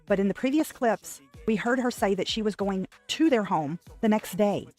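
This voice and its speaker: A woman's voice: mid-range voice, normal speed, a little mellow, soft background music. A woman hosting a commentary channel, cutting in with dry, sarcastic remarks.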